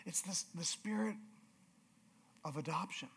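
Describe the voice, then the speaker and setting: A man's voice: on the high side, unhurried, creaky, a bit bright, breathy edge. A male pastor preaching a sermon with emphatic, repeated phrases.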